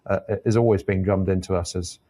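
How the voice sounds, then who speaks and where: Deep-voiced airline captain, thoughtful and measured. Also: male voice, steady tone, mellow. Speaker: airline captain and podcast guest. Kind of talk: reflective conversational interview.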